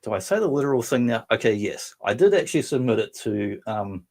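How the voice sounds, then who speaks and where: A man's voice: mid-range voice, very animated, brisk, a little mellow. An Australian man hosting a casual live stream, rambling and joking about himself while reading out viewer comments, his voice a little strained. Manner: rambling, self-mocking, bursts into silly voices. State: voice strained after drinking. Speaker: livestream host.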